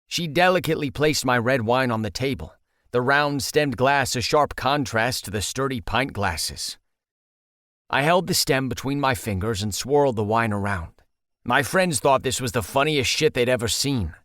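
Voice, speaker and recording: A man's voice: medium pitch, normal speed, fairly bright tone, dry recording, clean studio sound. A man narrating a first-person audiobook in a wry, conversational storytelling manner.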